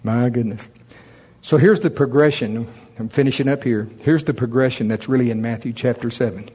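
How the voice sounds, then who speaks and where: A man preaching a sermon, reading scripture in old English between his own plain-spoken points. His voice sits in a middle pitch, and he pushes harder as he presses the message home. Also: a little fast, dark tone, breathy edge. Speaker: pastor.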